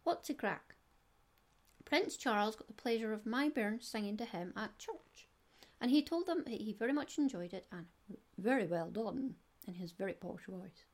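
A woman's voice: on the high side, lively intonation, moderate pace. A middle-aged Scottish woman hosting a knitting podcast, chatty and digressive with giggles. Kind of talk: casual solo podcast chat.

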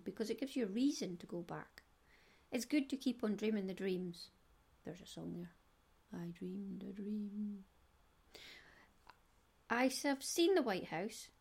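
A middle-aged Scottish woman hosting a knitting podcast, chatty and digressive with giggles. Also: a little high. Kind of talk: casual solo podcast chat.

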